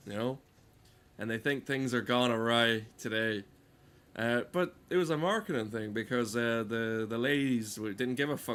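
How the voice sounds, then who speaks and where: A man's voice: mid-range voice, normal speed, a bit bright. A man delivering a rambling, sardonic, profane comic monologue as host of a game video.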